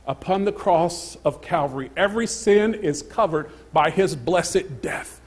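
A pastor, a man with a somewhat high, husky voice, preaches in a church. He takes his time, letting phrases trail into near whispers before rising to loud, emphatic calls. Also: unhurried. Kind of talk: sermon. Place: church sanctuary.

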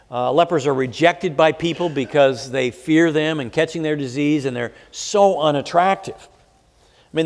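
A man pastor preaching a sermon in a measured way, pausing with fillers and reading scripture aloud. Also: on the high side, long reverb tail.

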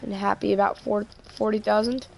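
A woman's voice: mid-range voice, flat delivery, fairly quick, gravelly. A woman streaming a game live, chatting casually and joking, often trailing off mid-sentence.

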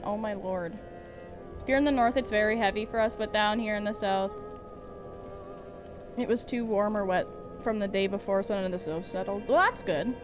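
A woman streaming a game live, chatting casually with her chat, giggling often and breaking into excited outbursts. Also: medium pitch.

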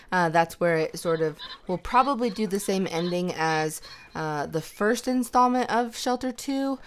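A young woman giving casual let's-play commentary, chatting to the animals in her game as if they were her kids. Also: lowish voice. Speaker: gaming YouTuber.

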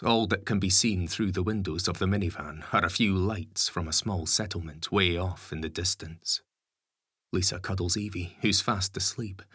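A man narrating an audiobook story in a measured, even storytelling manner. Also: sits low, husky, no echo, clean studio sound. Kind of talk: scripted narration.

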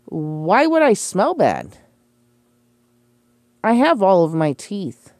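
Speaking slowly at medium pitch, with wildly swooping intonation and a slightly mellow tone, this young streamer rants about the accusations she's facing. She's profane, sarcastic and defensive, punctuating it with scoffing laughs, and there's no echo.

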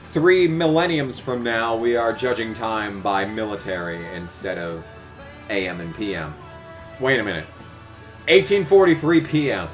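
Sarcastic man with a lively voice. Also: mid-range voice. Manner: sarcastic, swears a lot. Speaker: YouTuber reading fanfiction. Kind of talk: comedic reading with commentary.

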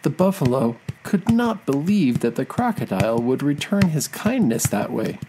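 A storyteller reading a children's folk tale aloud in a slow, expressive way. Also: mid-range voice, noisy background.

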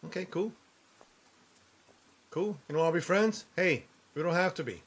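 A man in his forties with a high, slightly rough voice speaks at normal speed as a gaming streamer. His commentary is casual, joking and loud, with free swearing and talking back to characters on screen.

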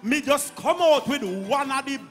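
A man's voice: very high voice, normal speed, fairly bright tone, big-room sound, soft background music. A man doing a stammering Jamaican Bible seller. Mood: boastful. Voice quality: stammers heavily, speaks broad patois. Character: stammering male Bible salesman, proud and sly.

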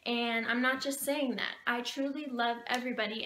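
A woman's voice: fairly high pitch, little pitch movement, fairly quick, hardly any pauses, pushed and bright. A young woman vlogger talking earnestly and emotionally to her viewers, preaching forgiveness in a heartfelt way. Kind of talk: heartfelt talk to camera. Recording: echoey room with faint background noise.

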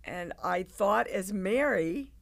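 A woman, a guest on an interview show, telling stories in an animated way and acting out the people in them. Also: medium pitch, slow pace, gravelly. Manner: animated, acts out quoted people. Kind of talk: casual interview storytelling.

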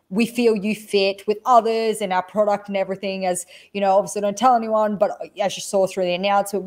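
A woman guest on a podcast, telling a story in casual chat, animated and swearing, acting out what people said. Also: mid-range voice. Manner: animated, swearing, acts out quotes. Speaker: guest, esports desk analyst.

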